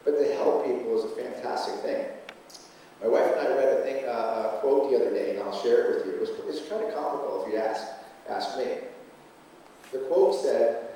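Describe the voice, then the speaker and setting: A man's voice: medium pitch, moderate pace, warm tone, slight background noise. Man giving a punchy speech in an echoey hall. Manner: punchy, rhetorical, asks the crowd questions. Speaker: motivational speaker. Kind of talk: motivational speech to a live audience. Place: conference hall. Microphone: room recording from far off. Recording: echoey hall, recorded from far off.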